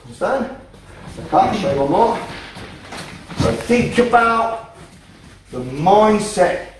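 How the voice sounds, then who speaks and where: A man's voice: high-pitched, slight background noise. A man teaching a self-defense class in a training hall, blunt and profane, driving his points home with emphasis. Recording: echoey hall from a distance.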